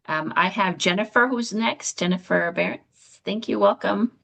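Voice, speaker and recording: A woman's voice: medium pitch, moderate pace, vocal fry, a bit bright, poor audio. A woman moderating an online book launch over a video call, reading comments aloud with many fillers. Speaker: event moderator.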